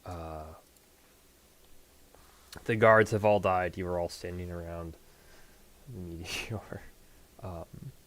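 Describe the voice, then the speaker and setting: Slow-talking man running a tabletop game. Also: deep voice, steady tone, a little hiss or hum. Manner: laughs often, hesitant with many fillers. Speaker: game master. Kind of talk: narrating a tabletop game, casual chat.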